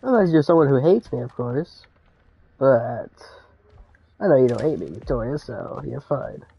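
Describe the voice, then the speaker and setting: A male gamer giving casual gameplay commentary, excitable and prone to yelling, his voice cracking when he shouts. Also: mid-range voice, moderate pace, creaky, slightly rough, dry recording, lo-fi sound.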